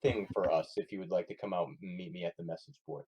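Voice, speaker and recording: A man's voice: deep voice, fairly even intonation, fast, dark tone, husky, no room sound, low-quality recording. A man playing a tabletop game with friends, talking in character in a scheming, stumbling way. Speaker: player. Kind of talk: casual tabletop role-play.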